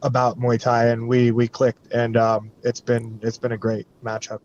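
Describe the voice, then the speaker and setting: A man answering interview questions in a relaxed, halting way with many fillers. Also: medium pitch, lo-fi sound, background noise. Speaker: guest fighter.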